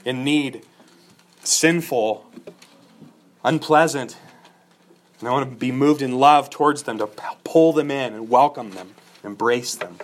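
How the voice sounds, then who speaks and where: A man's voice: mid-range voice, a bit bright. A middle-aged man preaching an expository sermon, earnest and emphatic, building points through repeated lists. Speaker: pastor.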